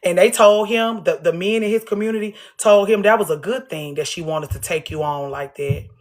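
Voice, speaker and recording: A woman's voice: lowish voice, a little fast. Blunt, profane woman ranting. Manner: blunt, profane, emphatic repetition. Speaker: livestream host. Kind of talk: casual unscripted livestream monologue.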